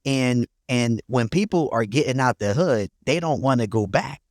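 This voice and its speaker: Man, middle-aged, podcast guest, laid-back and blunt, mid-pitched voice, dry close sound. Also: expressive, moderate pace, a little mellow, dry recording. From North Philadelphia, USA. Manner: laid-back storytelling, laughs often, blunt and profane. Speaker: guest, real estate investor. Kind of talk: casual podcast interview.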